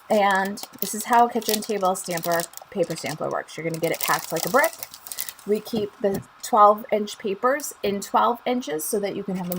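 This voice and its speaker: A woman's voice: mid-range voice, a little hiss or hum, low-quality recording. A woman with a Chicago accent hosting a live craft demonstration, chatting upbeat with viewers, greeting them by name and laughing often. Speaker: stamping craft demonstrator and show host. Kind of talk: live-stream craft demo chat.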